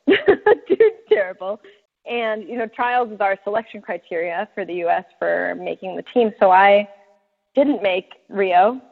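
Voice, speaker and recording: A woman's voice: mid-range voice, no echo. Woman telling her story over a tinny line. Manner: animated, laughing, acts out quoted lines. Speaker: Paralympic track athlete telling her story. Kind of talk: casual storytelling.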